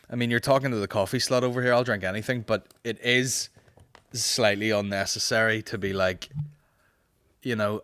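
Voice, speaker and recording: Sweary Northern Irish man, low voice. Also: a bit bright, smooth, no room sound, clean studio sound. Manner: rambling, profane, with quick mocking impressions. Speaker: podcast host answering listener questions. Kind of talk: casual chat.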